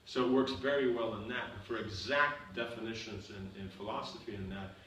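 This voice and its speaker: A man's voice: lowish voice, fairly quick, fairly bright tone. A man teaching a seminar and answering questions, explaining with repeated examples and often asking "you understand?". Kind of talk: seminar Q&A lecture. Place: seminar room. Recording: echoey room, far from the mic, faint noise.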